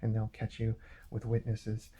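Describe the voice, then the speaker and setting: A man's voice: on the low side, completely flat delivery, normal speed, warm tone, a little hiss or hum. A man delivering an aggrieved, repetitive, accusatory monologue straight to camera. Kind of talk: ranting monologue vlog.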